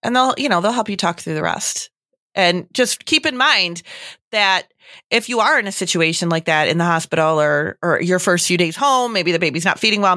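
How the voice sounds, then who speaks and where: A woman's voice: lowish voice, fairly bright tone, dry recording, studio quality. A young adult woman giving earnest, chatty advice on feeding babies, often slipping into quoted asides. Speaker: breastfeeding expert guest. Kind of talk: casual advice chat.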